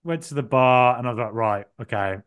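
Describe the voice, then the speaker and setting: A man's voice: mid-range voice, fairly quick, a bit bright, clean tone. A man co-hosting a football podcast, telling a long story in a rambling, self-deprecating way with lots of fillers. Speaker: podcast co-host. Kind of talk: casual podcast chat.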